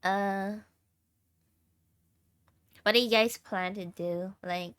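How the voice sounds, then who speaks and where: A woman's voice: medium pitch, fairly even intonation, slow pace, a bit bright, smooth, no room sound. A tired young woman livestreamer chatting casually with her viewers and laughing often. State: tired, sleep deprived.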